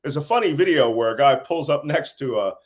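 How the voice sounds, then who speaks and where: A middle-aged man from the United States who says he is tired, answering interview questions as an intelligence analyst and telling animated stories between laughs. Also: mid-range voice, brisk.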